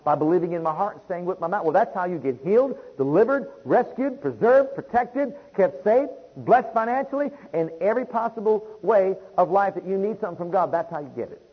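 A man's voice: high voice, expressive, a little fast, hardly any pauses, slightly rough, muffled recording. A man preaching a sermon in emphatic, rhythmic declarations, repeating phrases and building them up.

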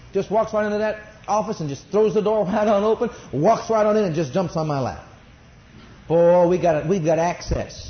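A middle-aged man preaching a sermon, swinging between soft asides and rising exclamations. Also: high-pitched. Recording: dull roomy recording.

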